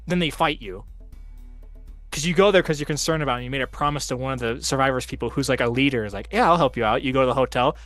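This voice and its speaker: The host of a tabletop game stream tells long rambling tales in a casual chat, using "like" constantly. He has a fairly high, fairly bright voice, captured without any room sound.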